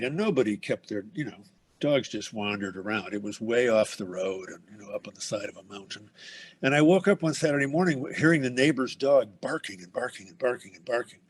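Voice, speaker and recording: A man's voice: medium pitch, slightly rough. A man hosting a book club, telling a rambling anecdote and laughing as he goes. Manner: rambling, laughs through his story.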